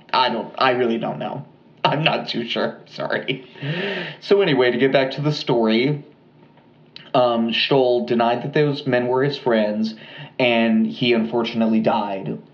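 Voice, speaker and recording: Male co-host, loose rambling storyteller, mid-range voice, dull echoey room sound. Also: medium pitch. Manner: relaxed, rambling with fillers and restarts. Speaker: podcast co-host. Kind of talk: casual true crime storytelling.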